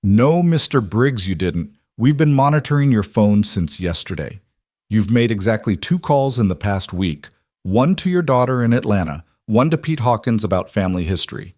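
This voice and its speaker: Dude doing a smooth polite bad guy, cold threats, slightly higher voice. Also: lively intonation, moderate pace, darkish tone, no echo, studio quality. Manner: smooth and educated, turning hard. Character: smooth, menacing man, coldly polite.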